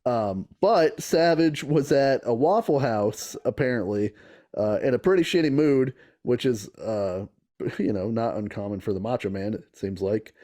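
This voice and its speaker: A man's voice: medium pitch, measured pace, mellow. A man co-hosting a comedy podcast, casually retelling a story with frequent laughs. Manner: laughs often, slips into impressions while retelling. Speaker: podcast co-host.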